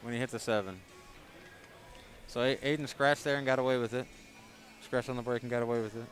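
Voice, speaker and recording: A man giving casual live commentary on a pool match, talking through shots in a relaxed, conversational way. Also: medium pitch, fairly quick, soft background music.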